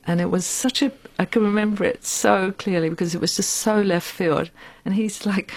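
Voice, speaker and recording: A woman in her sixties, an interview guest telling her life story in a frank, reflective and unhurried way. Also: mid-range voice, steady tone. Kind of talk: candid personal storytelling.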